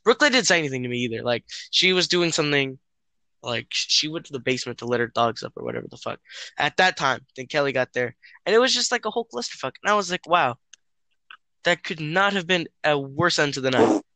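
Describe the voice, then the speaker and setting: Hesitant, rambling young man, bright voice. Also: a little high, sing-song, fast talker, dry recording. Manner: hesitant, rambling, lots of filler and swearing. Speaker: friend telling a dating story. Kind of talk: casual chat over a call.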